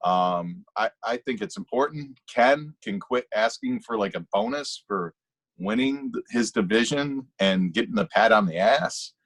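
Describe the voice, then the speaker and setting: A man's voice: mid-range voice, measured pace, creaky. A man in a loose, rambling chat, circling back and restarting sentences as he makes his case. His voice sits in an ordinary middle register, and he talks in the easygoing way of a podcast co-host. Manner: rambling, self-interrupting, animated. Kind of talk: casual chat about fantasy football.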